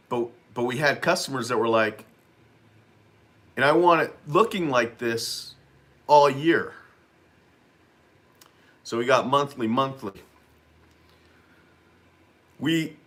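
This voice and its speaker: An ordinary mid-pitched man running his own lawn care business tells a long story in a loose, unscripted way. He doubles back on phrases and leans on "you know what I mean" as he goes. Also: a bit bright. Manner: rambling, repeats himself, frequent "you know what I mean". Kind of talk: casual storytelling to camera.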